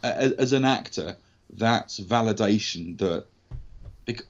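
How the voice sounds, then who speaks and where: An English actor telling a candid, animated story from his career in a casual interview, swearing now and then. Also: fairly low pitch, unhurried, highs cut off. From England. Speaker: actor guest.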